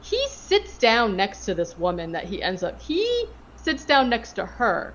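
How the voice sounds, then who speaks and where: A woman's voice: mid-range voice, huge pitch swings, a little slow, fairly bright tone, lo-fi sound, a little hiss or hum. A woman co-hosting a podcast, rambling through a casual movie recap full of fillers. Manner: rambling, filler-heavy storytelling. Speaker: podcast co-host.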